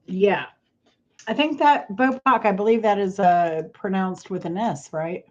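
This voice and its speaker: A woman hosting a casual livestream reads viewer comments and chats in a rambling, self-amused way, trailing off mid-sentence while battling a cough and sneezes. Her voice is mid-range and measured, and the sound is lo-fi.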